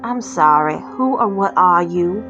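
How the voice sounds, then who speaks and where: A woman voicing a seductive, menacing Cajun demon hostess, soft and silky, sweet-talking yet threatening, in a Cajun accent. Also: fairly low pitch, lively intonation, unhurried. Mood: mock-polite. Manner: purring, teasing and threatening. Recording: slightly muffled with soft music.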